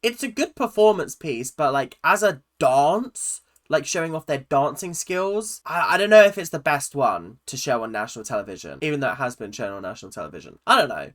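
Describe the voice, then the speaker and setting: A British woman hosting a casual reaction video, sarcastic and expressive, swearing freely as she comments. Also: low-pitched, fairly quick, hardly any pauses. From United Kingdom.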